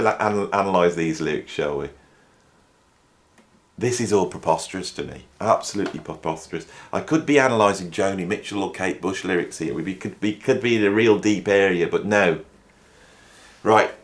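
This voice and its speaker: This deep, fairly bright voice belongs to a middle-aged Midlands man who hosts casual music commentary on YouTube and works as a music educator. He rambles wryly in a mock-exasperated manner.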